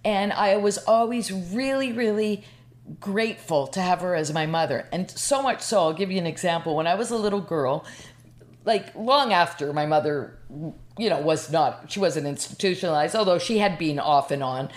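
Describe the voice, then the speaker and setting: A woman's voice: on the low side, normal speed. Rambling woman in her sixties. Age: 60s. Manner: rambling, emotional, lots of restarts. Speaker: podcast guest. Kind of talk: personal storytelling in conversation.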